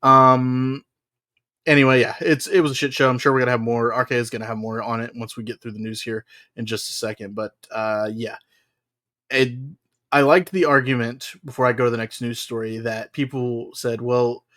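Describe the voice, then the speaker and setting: Pushed and bright, this American man's medium-pitched voice keeps a fairly even intonation at normal speed. Co-hosting a relaxed wrestling podcast, he rambles over the news with many filler "uh"s and frequent laughs.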